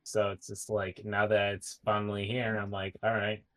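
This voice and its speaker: Rambling young man, lowish voice. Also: monotone, moderate pace, a bit bright, slight background noise, poor audio. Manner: rambling, filler-heavy storytelling. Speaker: podcast co-host. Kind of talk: casual chat.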